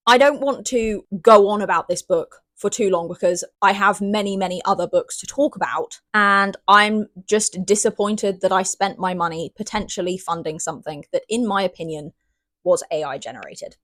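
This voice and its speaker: A woman's voice: mid-range voice, fairly bright tone, no echo. A young British woman from Great Britain chatting casually in a book review vlog, bubbly and playfully dramatic. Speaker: book vlogger.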